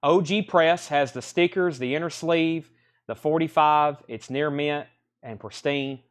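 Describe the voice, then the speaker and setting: Running a live online record sale, a man rattles off album titles and prices in casual, friendly sales patter, sometimes tripping over artist names. He sounds easygoing, with a fairly high voice and a measured pace.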